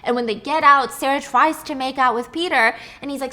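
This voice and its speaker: Young woman, podcast host, casual storytelling, animated, swears. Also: high voice, a little fast. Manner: animated, swearing, reacting to her own story.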